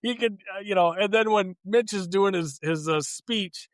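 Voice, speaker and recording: A man co-hosts a relaxed podcast, his voice sitting on the higher side as he eagerly retells favorite scenes and laughs along the way. The recording is close and dry, with no room sound. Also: moderate pace, no room sound. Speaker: podcast co-host. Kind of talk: casual podcast chat.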